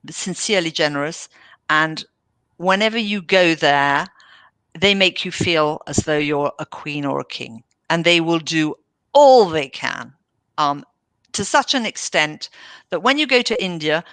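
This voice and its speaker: A woman's voice: low-pitched, a bit bright, smooth, dry recording. A woman, a managing director guesting on an interview podcast, telling stories with enthusiasm and acting out quoted dialogue. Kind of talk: casual interview storytelling.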